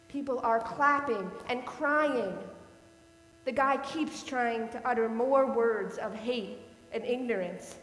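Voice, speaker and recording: A woman pastor delivers a sermon in an unhurried, measured storytelling voice, pitched a little high. Her words echo around a large church hall with a long reverb tail. A faint electrical hum sits under the recording. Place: church sanctuary.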